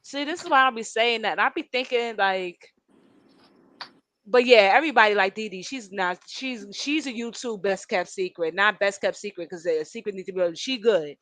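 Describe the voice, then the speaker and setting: A woman gossiping bluntly in casual chat on a live stream, telling animated, profane stories. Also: medium pitch, normal speed, no echo. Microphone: video call.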